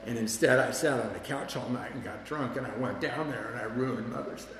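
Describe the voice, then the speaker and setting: A man's voice: medium pitch, fairly quick, slight background noise. A man telling a candid, self-mocking personal story about his past drinking, with wry humor. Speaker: speaker sharing a recovery story. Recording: echoey hall with long reverb.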